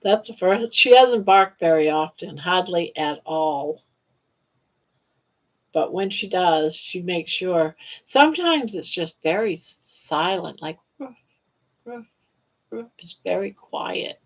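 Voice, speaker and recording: Slow-talking older woman, chatty host. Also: on the low side, animated, dull audio. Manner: chatty, teasing, laughs often, counts stitches aloud. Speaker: live-stream host. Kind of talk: casual live-stream chat while crocheting.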